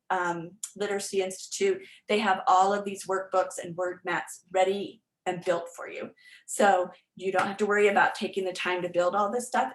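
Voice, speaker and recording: A woman teacher talks through an online workshop in a loose, chatty way, with fillers and restarts, and stops to sound out words. Her voice sits in a middle range and comes through a computer mic in a room with a clear echo. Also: medium pitch, a bit bright. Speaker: literacy teacher presenting a workshop. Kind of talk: informal online presentation.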